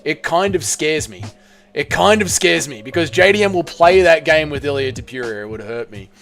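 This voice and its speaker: A man's voice: fairly high pitch, lively intonation, moderate pace, fairly bright tone, faint music behind. A man with an Australian accent hosting a live stream, chatting casually, reading out and answering viewer comments, and swearing now and then.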